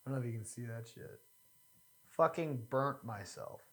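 A young man hosting a podcast, telling crude, self-mocking stories in a casual way and swinging between loud and quiet. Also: medium pitch, normal speed, slight background noise. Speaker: podcast host. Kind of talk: casual storytelling.

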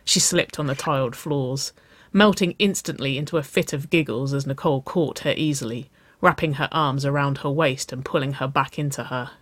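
A woman with a low voice reading a story aloud in a slow, steady way. The recording is dry and close, with no room sound. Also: dry recording. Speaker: narrator.

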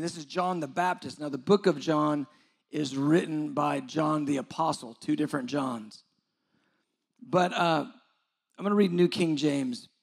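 A middle-aged man preaching a sermon as pastor, moving from conversational asides to emphatic, rising questions. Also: fairly high pitch. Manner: conversational asides with filler words.

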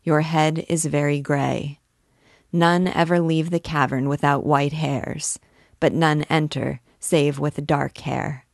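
A woman's voice: deep voice, fairly even intonation, slow, vocal fry, dry recording, clean studio sound, exaggerated voice. A woman voicing a proud, fiery male archdeacon and alchemist who declaims his views in a grand manner, reading from a novel. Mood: solemn.

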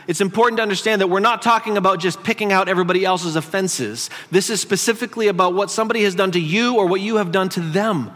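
A man's voice: high voice, fairly bright tone, long reverb tail. A male pastor preaching a conversational sermon in a church, teasing his congregation as he teaches. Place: church sanctuary.

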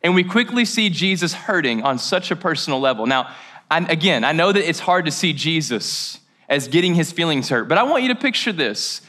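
High bright-voiced preacher from Kentucky. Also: male voice, big pitch swings, a little fast. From Mayfield, Kentucky, USA. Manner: chatty and joking, with slangy asides. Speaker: pastor. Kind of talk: casual, humorous sermon. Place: church service. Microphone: handheld or headset mic.

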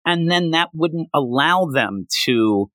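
A man hosting a podcast, recapping a comic in casual, rambling, animated chat with lots of filler words. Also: a little high, slow, no room sound. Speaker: podcast host.

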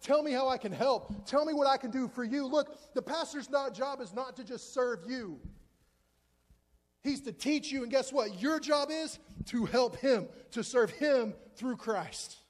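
High-voiced preacher man in a reverberant hall. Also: measured pace. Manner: conversational, joking, self-deprecating. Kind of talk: sermon.

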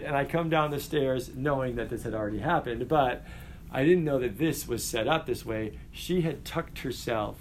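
A middle-aged male teacher lecturing his class in an animated way, often putting questions to the students. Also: medium pitch, slight background noise.

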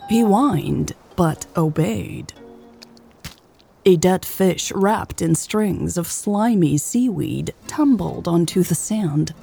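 A woman narrating a romance audiobook in a steady storytelling manner. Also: on the low side, slow pace, vocal fry, breathy edge, soft background music.

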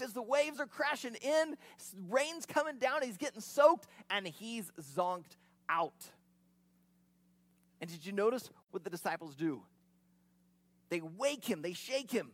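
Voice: mid-range voice, dry recording. A preacher giving an expository sermon, retelling the scene in a vivid, conversational way with casual asides.

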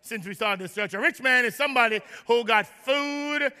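A man preaches to his congregation in a very high, piercingly bright voice. He teases the crowd with humor and builds to shouted lines. A long reverb trails every word in the church hall. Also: moderate pace, clean tone. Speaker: pastor. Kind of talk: sermon. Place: large church.

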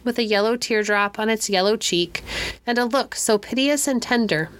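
A woman narrating a classic children's storybook in a measured, expressive reading. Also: a little high. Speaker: audiobook narrator.

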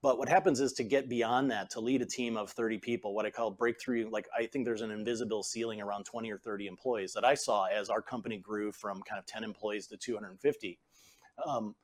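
A middle-aged former CEO and author speaks in a relaxed podcast interview, his voice on the low side. He's an animated storyteller who acts out the voices of the people he quotes.

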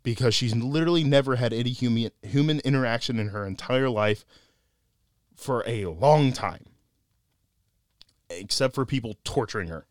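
A man co-hosting a casual podcast film review, animated and laughing often as he acts out lines he quotes. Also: mid-range voice, normal speed, pauses often, no echo, clean studio sound.

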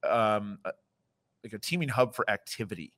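Low-voiced man on a podcast. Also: expressive, moderate pace, a bit bright. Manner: rambling, enthusiastic, restarts often. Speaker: podcast co-host. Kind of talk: casual podcast chat about rum history.

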